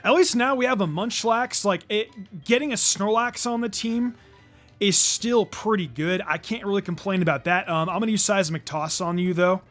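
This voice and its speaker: A man's voice: high-pitched, moderate pace, fairly bright tone, faint music behind. A man doing let's play commentary as a channel host, stammering and repeating words, and swearing when annoyed.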